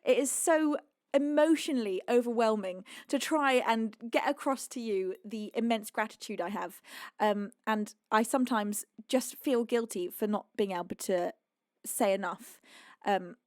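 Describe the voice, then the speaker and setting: Brief: British woman streamer, higher voice, effusive chat to her fans, dry close sound. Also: unhurried, darkish tone, no echo. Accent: British English. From United Kingdom. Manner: gushing, effusive thanks with frequent laughs. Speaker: streaming singer-songwriter host. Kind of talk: livestream chat to viewers between songs.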